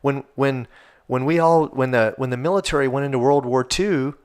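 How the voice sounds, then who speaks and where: A man's voice: medium pitch, moderate pace, smooth. A man hosting a casual solo podcast, rambling and swearing as he gets worked up. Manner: rambling, profane, animated. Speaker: podcast host.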